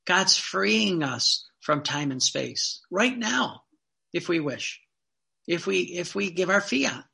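A man preaching in a high voice, leaning on repeated phrases and rhetorical questions. His tone is bright and a little tense, and he teaches with steady conviction. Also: takes it slowly, creaky. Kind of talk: devotional teaching talk.

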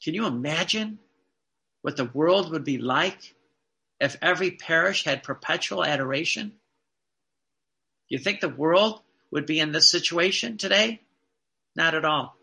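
A man preaching a sermon in an earnest, emphatic way, slowing down to stress key phrases. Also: high voice, creaky, sharp tone.

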